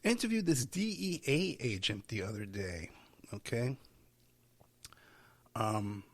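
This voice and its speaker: A tired man talks alone into his podcast mic from home, his voice gravelly with fry. He drifts from one thought to the next, restarting sentences and laughing at his own stories, always at an everyday pitch. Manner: rambling, self-interrupting, with chuckles. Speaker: podcast host. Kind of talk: casual solo podcast monologue. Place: at home while packing.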